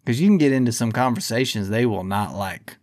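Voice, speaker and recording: A man holds forth on his own podcast, swearing freely and pushing back hard in a heated, combative rant. His voice sits at an ordinary middle pitch. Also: animated, brisk, darkish tone. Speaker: podcast host. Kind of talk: ranting podcast monologue.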